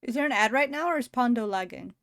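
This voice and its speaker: A woman live-streaming a story game, reading along and chatting, animated, laughing often and swearing casually. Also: fairly high pitch, quick pace, no echo, clean studio sound.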